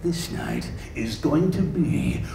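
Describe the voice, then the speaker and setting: A man doing a deep, slow movie trailer announcer. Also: wildly swooping pitch, gravelly, recorded from a distance, heavy background noise, heavily acted. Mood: solemn. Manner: slow, dramatic, booming delivery. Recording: echoey live room with crowd.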